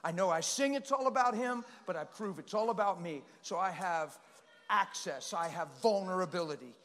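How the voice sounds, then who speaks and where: At normal speed, a male preacher gives a fervent, animated sermon with a high, ringing voice. His delivery shifts from soft asides to abrupt loud outbursts, and a large hall's long reverb follows his words.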